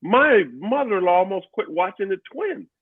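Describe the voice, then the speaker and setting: A man's voice: sits high, animated, normal speed, no room sound. A man who is a standup comic, talking in casual chat with an emphatic, repetitive manner. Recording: dry phone-like line.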